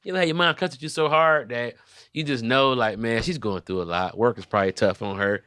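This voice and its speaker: A young man hosting a comedy podcast, telling animated stories and cussing freely in casual chat. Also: mid-range voice, a little fast, smooth, no echo, clean studio sound. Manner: animated storytelling, swears freely. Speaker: podcast host.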